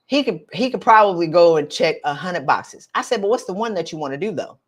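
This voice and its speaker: A middle-aged woman, coaching viewers in an animated, direct, slangy way on a live stream. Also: lowish voice, fairly quick. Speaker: career coach for women.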